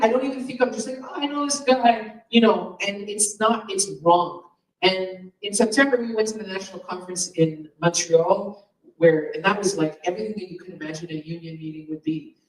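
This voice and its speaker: A woman who founded a comedians' association, giving a rambling, chatty speech at a union meeting with asides and little laughs. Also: mid-range voice. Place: meeting hall in a comedy club. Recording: roomy and from far off.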